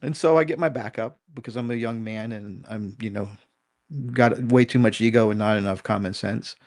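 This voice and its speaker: A man's voice: fairly low pitch, moderate pace, a little mellow, no echo, clean studio sound. A middle-aged man, a dog trainer and guest, telling a story in a candid, self-critical way and swearing casually.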